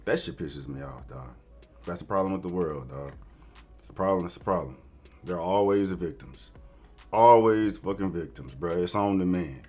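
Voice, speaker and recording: A man's lowish voice, speaking. He rants in blunt reaction commentary, full of slang and swearing, as the host of his channel. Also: normal speed, darkish tone, slightly rough. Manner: blunt, profane, slangy ranting.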